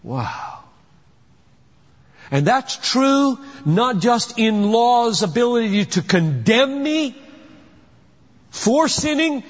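A man preaching a sermon, emphatic, posing rhetorical questions and then answering them. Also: very high voice. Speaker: pastor. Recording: dull lo-fi recording with long hall reverb.

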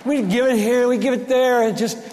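A man in his sixties giving a conference talk, animated and joking, often restarting his sentences. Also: very high-pitched, brisk, slight background noise. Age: 60s. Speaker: conference speaker. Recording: reverberant hall.

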